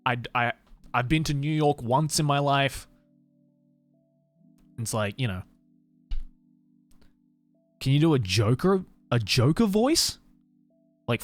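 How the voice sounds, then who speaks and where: A man's voice: mid-range voice, no echo. An Australian man streaming and chatting casually, rambling with lots of fillers and restarts. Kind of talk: casual livestream chat.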